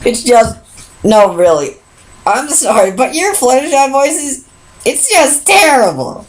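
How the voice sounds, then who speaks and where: A boyish little dragon speaks earnestly in a raised, youthful voice, as a woman puts him on in a storybook reading. He rattles off quick apologies. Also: high-pitched, sing-song, slight background noise, pitched above the performer's own voice, rough recording. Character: young boyish baby dragon sidekick.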